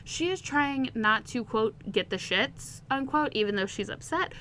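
A woman's voice: on the high side, lively intonation, unhurried, a bit bright, slight background noise. A woman hosting a podcast, recapping a romance novel chapter by chapter in a chatty, candid way, laughing now and then. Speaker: podcast host. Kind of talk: casual book recap.

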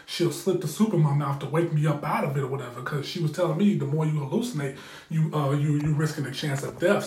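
A man's voice: a little high, darkish tone, slight background noise. A man telling a story in a candid, profane, rambling way, often repeating himself as he hosts his own show. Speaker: podcast host. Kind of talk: casual storytelling. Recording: roomy echo.

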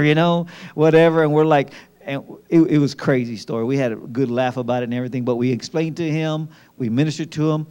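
A man sharing ministry stories in an animated way, repeating phrases for emphasis. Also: a little high, fairly quick. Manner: lively, repeats words for emphasis. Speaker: pastor. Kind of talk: animated storytelling.

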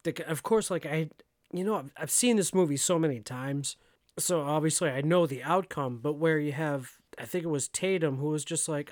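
A man's voice: on the high side, normal speed, a little mellow, dry recording, clean studio sound. A man co-hosting a podcast in casual chat, rambling with lots of fillers as he talks it through. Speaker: podcast co-host.

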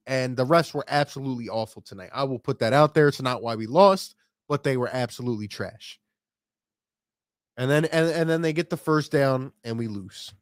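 A young man streaming as a sports fan vents his frustration after his team loses, hurling rhetorical questions at his chat in a post-game rant. His voice is mid-range, and the studio-quality recording has no room sound.

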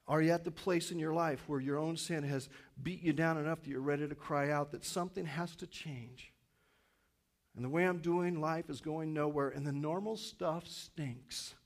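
A man in his fifties preaching a sermon in a church, animated, acting out inner voices and swinging from loud to quiet. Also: on the high side. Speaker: pastor.

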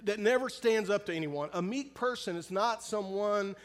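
Earnest male preacher with a raised voice. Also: high-pitched. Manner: earnest preaching, shifts between loud emphasis and soft, slow, drawn-out phrases; asks the listeners direct questions. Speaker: pastor. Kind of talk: sermon.

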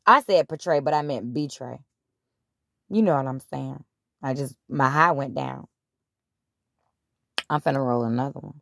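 A woman's voice: low voice, a little slow, pauses often, no room sound, studio quality. A woman hosting a casual spiritual monologue, blunt and profane, retelling scripture. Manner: animated, blunt, profane, retelling scripture in her own words. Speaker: podcast host.

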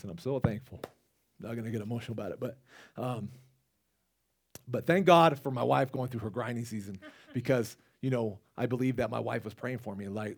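A man's voice: mid-range voice, brisk, breathy edge. A man preaching a casual, conversational sermon, rambling with restarts and asides to the congregation. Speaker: lay preacher.

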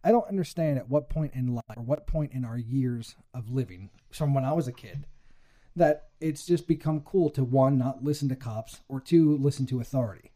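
A man's voice: medium pitch, moderate pace, warm tone, no echo, studio quality. A young man ranting heatedly with lots of swearing in a casual chat.

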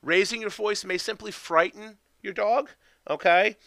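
A man teaches obedience basics in a casual, rambling way, stopping after each point to ask "okay?". His voice is bright and crisp and pitched a little high. The recording is dry, with no room sound. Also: a little slow, no room sound. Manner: keeps tagging sentences with "okay?"; loose, conversational, with fillers and restarts. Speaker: dog training instructor. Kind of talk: instructional talk.

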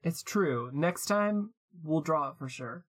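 A man's voice: a little high, expressive, slow, breathy edge. Male podcast co-host, playful and giggly, casual banter. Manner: playful, giggly, spins absurd ideas. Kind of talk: casual chat.

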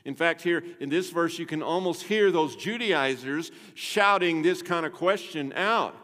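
An older man preaching a sermon, emphatic, asking rhetorical questions and swinging between loud and soft. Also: a little high, a little slow. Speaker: pastor. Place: church sanctuary. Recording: long hall reverb.

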